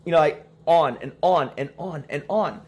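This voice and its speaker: A man's voice: fairly high pitch, normal speed, lo-fi sound. A young man telling a story in casual stream talk, acting out the quoted lines and laughing between them.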